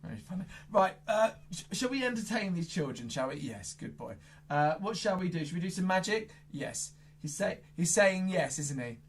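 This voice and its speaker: A children's entertainer doing playful magic show patter, silly and exaggerated, jumping from loud squeals to hushed asides. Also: mid-range voice, sing-song, moderate pace, breathy edge.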